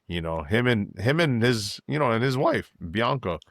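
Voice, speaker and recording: A man's voice: mid-range voice, very animated, moderate pace, no room sound, studio quality. A man co-hosting a wrestling podcast in an easygoing chat, full of fillers, hyping wrestlers and thanking viewers. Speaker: podcast co-host.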